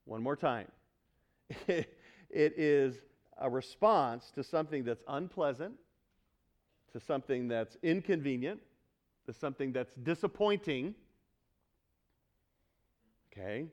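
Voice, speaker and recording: A man preaching a sermon to a church congregation, animated and emphatic, asking the room for responses and then dropping to quiet earnest teaching. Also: medium pitch, slow pace, pauses often. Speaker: pastor.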